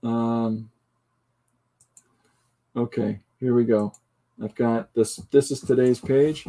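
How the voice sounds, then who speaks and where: A man's voice: mid-range voice, steady tone, slow, long pauses, mellow. A man hosting a casual livestream podcast, joking, laughing often and reading out viewer comments. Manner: jokey, tries out voices mid-talk. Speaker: podcast host.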